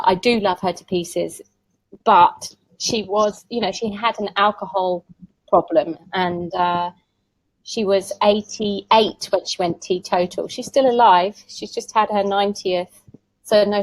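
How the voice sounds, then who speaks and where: A woman talks as an interview guest, chatty and quick to laugh. Her voice sits at an ordinary pitch for a woman. The recording is dry and close, with almost no room sound. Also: dry recording, poor audio. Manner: chatty storyteller who laughs often. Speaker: tarot reader, summit guest. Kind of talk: casual conversational interview.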